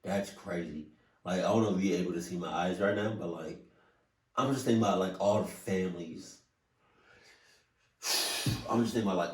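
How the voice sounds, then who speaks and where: A man's voice: sits low, moderate pace, pauses often. Emotional man reacting, roomy and distant. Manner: emotional, swears often, sudden loud outbursts. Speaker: reaction video host. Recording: roomy echo, voice set back from mic.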